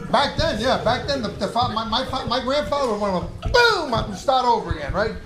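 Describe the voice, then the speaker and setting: On a noisy live club recording, a middle-aged ex-boxer and podcast guest tells profane stories at a quick pace. His very high voice reverberates, and he animatedly plays the characters in each story.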